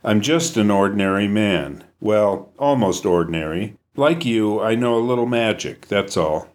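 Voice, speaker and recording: A friendly, patient biker with a British accent, speaking with an easy, slightly teasing calm, as a man reading a storybook puts him on. The voice sits in a fairly low male register lifted a little for the character. It is an audiobook-style narration. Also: normal speed, natural voice. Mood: easygoing.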